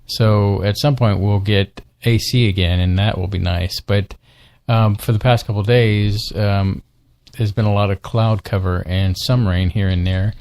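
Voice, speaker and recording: A man's voice: on the low side, steady tone, a little slow, a little mellow. A man co-hosting a live internet talk show, chatting casually and rambling with lots of fillers. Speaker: podcast co-host. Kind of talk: casual chat.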